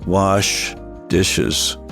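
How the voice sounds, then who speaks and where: A man's voice: deep voice, drawn-out words, creaky, fairly bright tone, soft background music. A man hosting a parenting podcast, explaining patiently at a studio microphone and checking that his listeners follow. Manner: patient, asks rhetorical check-in questions. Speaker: parenting author and podcast host. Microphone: studio microphone at a table.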